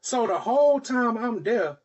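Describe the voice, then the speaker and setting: A man's voice: extremely high pitch, measured pace, highs cut off. A man on a podcast telling a long personal story in casual chat, acting out the voices of the people in it. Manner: animated, acts out quoted voices. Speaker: podcast host.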